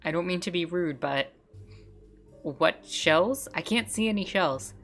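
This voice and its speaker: A woman voicing a calm, dry frog detective in a flat, patient way while reading a game aloud. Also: fairly low pitch, unhurried, faint music behind.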